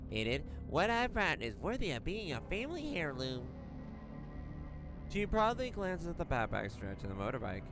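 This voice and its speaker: A man's voice: fairly high pitch, moderate pace. A young man streaming a game, reading its story aloud with stumbles and reacting with laughs. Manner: animated, stumbling reads, frequent laughs. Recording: voice over loud game music. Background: game music.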